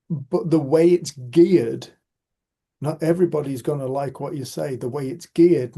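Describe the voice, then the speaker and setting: A middle-aged man with a Cumbrian accent, from Cumbria in Northern England, hosts a casual group discussion over video call. His medium-pitched voice is gravelly, dark and slightly rough. He keeps things chatty and teasing, with the odd swear word.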